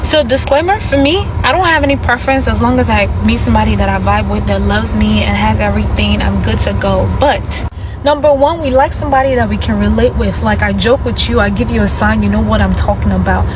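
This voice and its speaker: A woman's voice: mid-range voice, background noise. A woman from Nigeria in a social media clip, speaking confidently and listing her points one by one.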